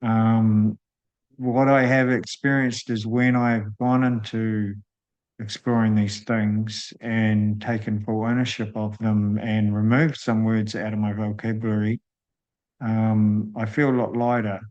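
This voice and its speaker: Man, host, reflective spiritual talk, monotone, hesitant pauses. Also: on the low side, highs cut off. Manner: thoughtful, pauses often with drawn-out ums.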